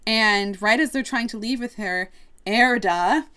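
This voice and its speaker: A chatty woman telling a story casually and with energy on a podcast. Her voice sits a little high and she moves through the plot quickly. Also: clean tone. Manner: animated, quoting characters. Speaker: podcast co-host.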